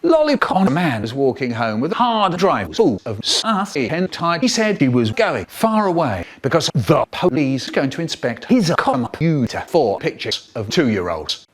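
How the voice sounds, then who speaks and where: A man telling comic stories in a spliced cut-up edit. His voice sits fairly high and swoops a lot as he talks. He performs theatrically, with sudden jumps in his delivery. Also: a little slow, hardly any pauses. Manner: theatrical, expressive storyteller with sudden vocal jumps. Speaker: storyteller in a spliced comedy edit.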